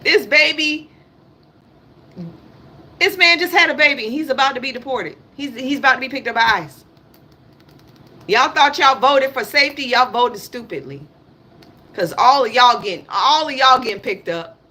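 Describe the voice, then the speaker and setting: A high-voiced woman in her thirties with a sharp tone hosts a casual political livestream in African American English. Speaking at normal speed but pausing often, she rants bluntly, swears, and drives her points home again and again.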